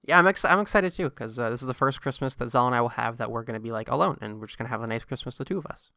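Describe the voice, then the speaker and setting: A man's voice: medium pitch, very fast, vocal fry, sharp tone, dry recording, clean studio sound. A young man co-hosting a podcast, enthusiastic and giggly, often stammering as he restarts sentences. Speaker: podcast co-host. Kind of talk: casual chat.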